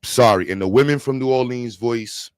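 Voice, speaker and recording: A man's voice: medium pitch, normal speed, clear, resonant tone, no echo, clean studio sound. A man from New York streaming live and chatting casually, joking, cursing and laughing often.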